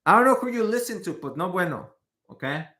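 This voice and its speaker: A man in his thirties who works as an IT career coach chats casually on a livestream, fielding viewer questions. His talk is animated and slangy, his voice sits high, and he talks fast.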